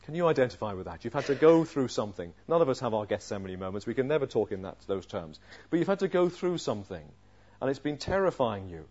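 A male preacher giving an expository sermon, asking rhetorical questions and swinging from loud emphasis to a hushed voice. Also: medium pitch, big pitch swings, fast talker. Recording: dull lo-fi sermon recording.

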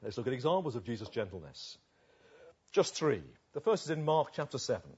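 A man preaching a sermon, shifting between slow emphatic pauses and quicker asides. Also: mid-range voice, slightly rough, muffled recording. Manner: expressive, varied delivery with slow emphatic pauses.

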